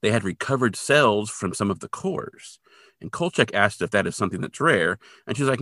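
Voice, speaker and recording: A man co-hosting a casual podcast, walking through a TV episode scene by scene. His voice rises and falls a lot, with a bright edge. The sound is dry and close. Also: fairly low pitch, moderate pace, no echo. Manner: animated retelling with quoted voices. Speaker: podcast co-host recapping a TV episode. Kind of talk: casual chat.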